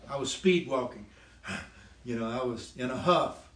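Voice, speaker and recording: A man casually telling the story of his faith testimony, animated and laughing often, dropping lower when he quotes God. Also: takes it slowly, roomy sound. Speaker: guest sharing his testimony.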